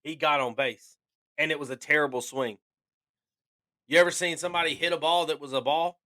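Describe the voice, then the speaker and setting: A man co-hosting a podcast in casual conversation, talking in an animated, emphatic way and repeating phrases for stress. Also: on the high side, a little fast. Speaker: podcast co-host.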